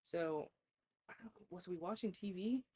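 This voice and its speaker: Woman with a lowish voice, podcast guest, laughs a lot, cusses casually while telling stories. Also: normal speed, a little mellow, husky. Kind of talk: casual storytelling chat.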